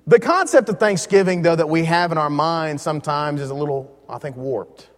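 A man teaching a Bible lesson in a relaxed, joking way, leaning hard on key words. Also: on the high side, moderate pace, big-room sound.

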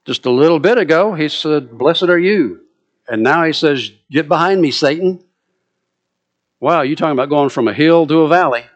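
Animated Southern preacher man. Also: on the high side, fairly quick. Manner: animated, dramatic quoting of scripture. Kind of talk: sermon.

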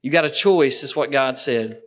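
A man preaching a sermon, emphatic, with sharp rises and drops in his voice for stress. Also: mid-range voice, moderate pace. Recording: dull lo-fi recording.

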